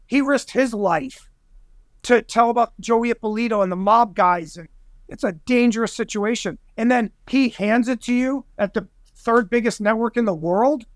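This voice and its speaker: A man guesting on a podcast, telling a story in an excitable, rambling way and acting out other people's voices. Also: very high-pitched, moderate pace, no room sound, studio quality. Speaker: guest investigator. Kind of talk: animated storytelling in conversation.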